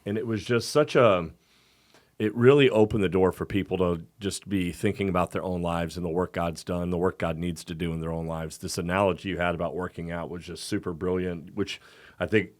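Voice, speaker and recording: Lower-voiced man, emphatic podcast co-host. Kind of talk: casual faith podcast chat.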